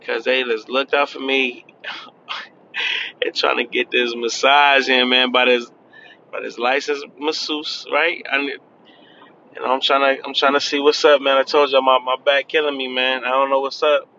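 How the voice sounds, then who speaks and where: A man's voice: medium pitch, little pitch movement, normal speed, creaky, bright, forceful tone, dull audio, a little hiss or hum. A man of thirty talking in a casual, chatty vlog from his car, laughing and admitting he is nervous. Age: 30s. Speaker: vlogger. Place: in a car on the freeway.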